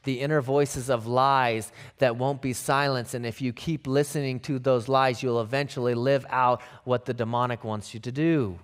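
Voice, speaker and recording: A man's voice: medium pitch, fairly even intonation, normal speed, hardly any pauses, clear, resonant tone. A male pastor preaching a sermon emphatically, with rhetorical questions and repeated phrases.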